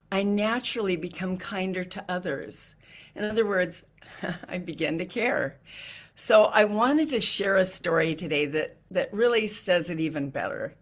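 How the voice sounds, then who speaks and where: A middle-aged woman giving a heartfelt storytelling talk as an inspirational speaker. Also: mid-range voice. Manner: earnest, heartfelt, softening to hushed.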